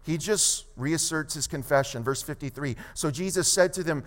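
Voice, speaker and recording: Male pastor, sermon, emphatic delivery, somewhat high voice, long hall reverb. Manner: emphatic, varies between quick asides and slow stressed phrases. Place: church sanctuary.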